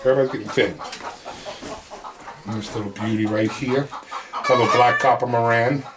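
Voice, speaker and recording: A relaxed man with a drawl chats as he walks around his farm and feeds his chickens. His voice sits in an ordinary middle register. Loud farm noise and clucking hens surround him outdoors. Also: mid-range voice, brisk. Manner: relaxed, chatty, talks fondly to the animals. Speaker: homesteader showing his farm. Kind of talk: casual walk-through vlog. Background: chickens clucking and a rooster.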